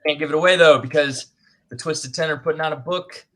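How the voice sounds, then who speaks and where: Brisk and fairly bright, this man's voice sits on the high side as he hosts a writers' livestream via video call. He keeps it a casual chat, talkative and self-deprecating, cracking jokes along the way.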